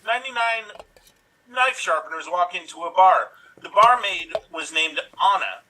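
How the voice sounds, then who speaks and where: A man with a very bright, sharp voice tells a quick pun joke for an improv round. He sits well back from the mic, and a faint hiss runs under him. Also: high voice, expressive. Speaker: improv performer. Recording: distant mic with faint noise.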